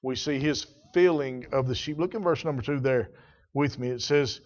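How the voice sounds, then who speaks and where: In a church, a man with a medium-pitched voice preaches a sermon, reading scripture and teaching in a measured way. He repeats key phrases, and the recording has a lo-fi sound.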